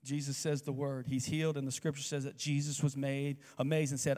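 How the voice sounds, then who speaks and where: A man's voice: mid-range voice, flat delivery, brisk, a little mellow. A male pastor preaching a sermon in an emphatic way, asking the congregation to repeat lines after him. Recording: echoey hall with long reverb.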